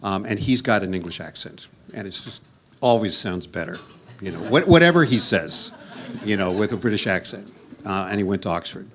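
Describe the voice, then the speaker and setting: Male moderator, low-pitched, teasing and chatty, faint room hum behind. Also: expressive, brisk, a bit bright. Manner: wry, teasing, loose and chatty. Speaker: panel moderator. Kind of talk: joking conversational panel introduction. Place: university event room with audience.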